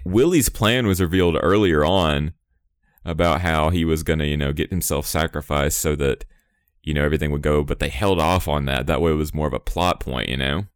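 A man co-hosting a casual chat, animated and acting out quotes in exaggerated voices. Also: very deep voice, fairly quick, clear, resonant tone, dry recording, clean studio sound. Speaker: podcast co-host.

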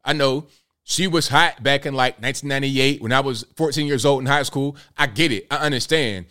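A man's voice: medium pitch, fairly quick, sharp tone. A man in his thirties hosts a casual commentary show in a mid-range voice. He talks through a video clip in a chatty, incredulous way. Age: 30s. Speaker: host.

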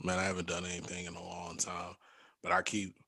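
Animated young man telling stories. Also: deep voice, brisk, breathy edge, no room sound. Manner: animated storyteller, acts out quotes, laughs often. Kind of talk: casual chat.

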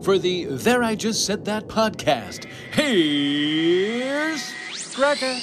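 A man putting on a booming male show announcer voice for a mock podcast intro. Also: very animated, extremely slow, heavily acted. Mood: grandiose. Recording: intro with music bed.

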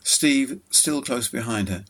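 A man reads a story aloud in a measured, steady manner. His voice sits at an ordinary middle pitch. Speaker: narrator. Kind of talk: scripted story narration.

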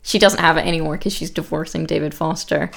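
A woman co-hosting a podcast, recapping a reality show in casual chat with a dry, joking manner and quick quoted lines. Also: low voice, steady tone, creaky, a bit bright. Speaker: podcast co-host.

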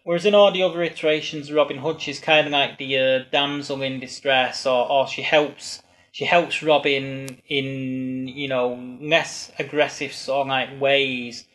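A man's voice: medium pitch, steady tone, unhurried, fairly bright tone. A man chatting casually on a podcast, rambling with many restarts and fillers.

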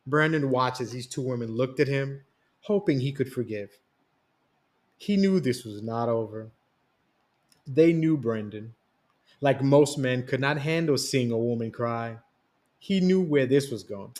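A man telling a story on a podcast in a steady, read-aloud narration. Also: mid-range voice, a little slow, long pauses. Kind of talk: scripted narration.

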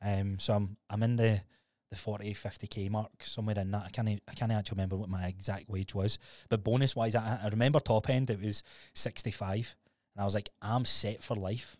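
A man's voice: fairly low pitch, flat delivery, brisk, darkish tone, dry recording. A Scottish man in his thirties co-hosting a podcast, telling his story in a candid, sweary, casual way. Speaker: podcast co-host.

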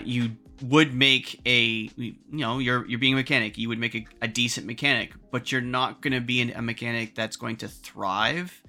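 Man with a very bright tense voice. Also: medium pitch. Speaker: podcast host. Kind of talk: casual interview chat.

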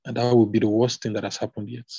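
A man reading the lines of a stern male army commander who bluntly scolds the king, in a husky voice. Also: on the low side, flat delivery, fast, dark tone, no room sound, muffled recording. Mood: scolding.

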